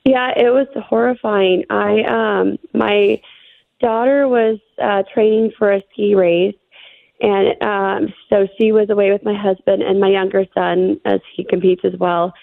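Gravelly-voiced woman on a phone line. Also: medium pitch, steady tone, dry recording. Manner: shaken, halting, with many fillers. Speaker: interview guest. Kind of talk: telling a personal story. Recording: phone-line interview audio.

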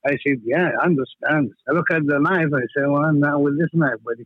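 A man's voice: on the high side, fairly quick, slightly rough, dry recording. Man with an Arabic accent on a tinny phone line. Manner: chuckling, broken English. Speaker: store owner guest. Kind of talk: phone interview, recounting a story. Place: his shop.

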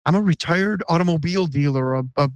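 A man's voice: a little high, fast talker, smooth, no room sound. An American man in his fifties from Chicago, a podcast guest speaking in an earnest, emphatic way with insistent questions. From Chicago, USA. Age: 50s. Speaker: interview guest. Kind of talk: podcast interview.

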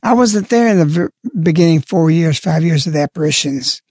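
A man's voice: on the high side, expressive, a little fast, darkish tone, dry recording. A man giving a spoken religious reflection, stressing and repeating key words as he explains. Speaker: lay religious speaker.

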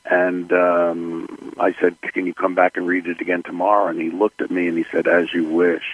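An older man, a film director, telling stories about his films in an interview, unhurried and full of fillers. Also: low voice, level tone, dry recording, lo-fi sound. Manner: gravelly, unhurried storytelling with fillers. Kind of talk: interview recollections.

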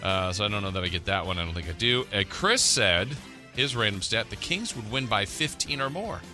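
A man co-hosting a sports radio show, calmly recapping predictions in casual banter. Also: fairly low pitch, a little fast, faint music behind. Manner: steady, recaps predictions methodically. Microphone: studio radio mic.

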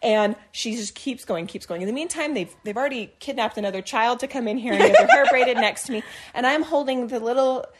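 A young woman co-hosts a chatty podcast and tells a story with lots of energy. Her voice sits a little high, and she slips into acted-out quotes as she talks, laughing often. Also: brisk, noisy background. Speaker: podcast co-host. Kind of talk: casual chat, storytelling.

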